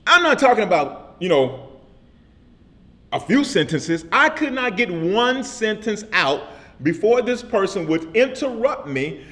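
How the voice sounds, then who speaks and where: A man with a high-pitched voice delivers a sermon in relaxed, everyday speech. He circles back on his phrases and keeps checking in with his listeners through a steady "amen?". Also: measured pace. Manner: repetitive call-and-response preaching with frequent "amen?"; casual vernacular speech. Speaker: pastor.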